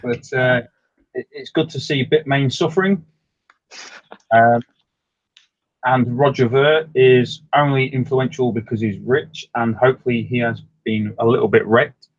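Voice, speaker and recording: A man from England calling into a live show, speaking bluntly with hesitant pauses. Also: mid-range voice, no room sound. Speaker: caller. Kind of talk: call-in conversation. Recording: dull call-in line.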